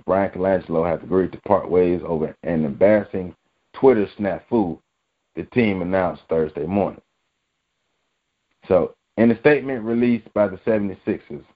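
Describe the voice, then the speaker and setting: A man's voice: low voice, narrow, tinny audio. A man giving casual sports talk commentary, blunt and slangy, hammering his points with repetition.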